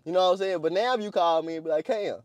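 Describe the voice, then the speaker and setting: A man's voice: sits high, racing, no room sound, highs cut off. A young man, chatting casually and laughing as he shows off a pickup truck outdoors. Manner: slangy, rambling, laughs often. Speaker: car vlogger. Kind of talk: casual vlog walkaround.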